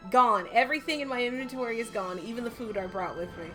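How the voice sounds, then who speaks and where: A woman's voice: a little high, animated, racing. A young woman streamer giving casual gameplay commentary, joking and swearing to herself as she plays. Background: game music.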